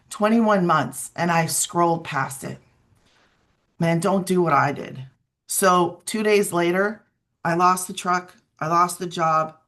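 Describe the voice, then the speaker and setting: A woman in her forties, a mother, sharing a personal testimonial on a video call, telling it in an animated way with emphatic repeats. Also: on the low side.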